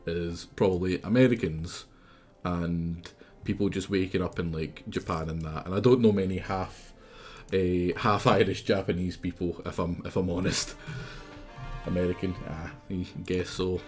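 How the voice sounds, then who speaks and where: A man's voice: sits low, fairly even intonation, moderate pace, breathy edge, soft background music. A Scottish man streaming a game live, chatting and teasing his viewers in a casual, chatty way.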